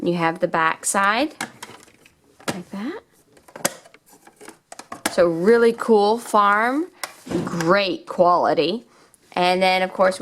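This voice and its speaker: A woman's voice: on the low side, a little hiss or hum. A woman hosting a toy video, narrating play in a child-directed way. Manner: slow, sing-song and child-directed.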